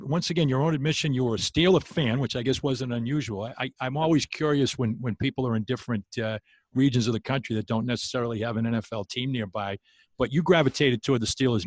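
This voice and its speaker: A male podcast host asking a guest questions. His delivery is conversational and a little halting, and his voice sounds close and dry with no room sound. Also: mid-range voice, no echo. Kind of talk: interview host.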